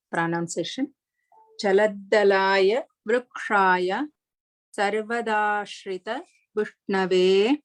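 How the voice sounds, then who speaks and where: Patient woman teaching chant pronunciation. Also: mid-range voice. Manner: patient, explains each sound step by step; chants verse lines slowly and deliberately. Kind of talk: online pronunciation lesson.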